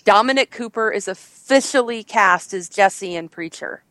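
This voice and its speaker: A woman's voice: mid-range voice, moderate pace, fairly bright tone, no room sound. A woman hosting a casual entertainment news chat, enthusiastic and rambling, with frequent fillers. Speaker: host.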